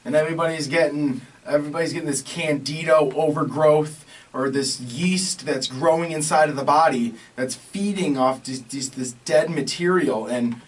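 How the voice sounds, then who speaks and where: A man co-hosts a casual podcast and goes on emphatic, rambling rants. His voice is a bit high, and he is heard from some distance off the microphone. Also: normal speed. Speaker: podcast co-host.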